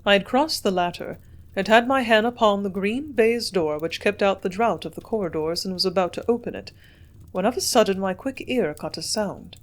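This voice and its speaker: A woman narrating a classic novel in a measured, steady way, at an ordinary middle pitch. Her reading is even and unhurried, suited to a long audiobook chapter. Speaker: audiobook reader.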